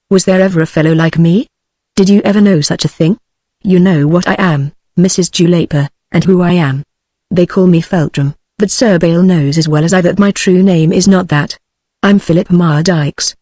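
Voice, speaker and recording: A British woman text-to-speech voice reading the part of a gentle, feeble and miserable young man, without changing voice. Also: fairly low pitch, no room sound, studio quality, close to an everyday voice. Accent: British English. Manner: plain synthetic reading, no change of voice.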